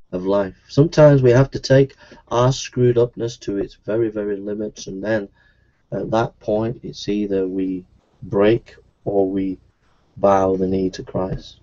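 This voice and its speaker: A man's voice: lowish voice, steady tone, unhurried, mellow, muffled recording. A man preaching a sermon in an earnest, repetitive evangelistic style.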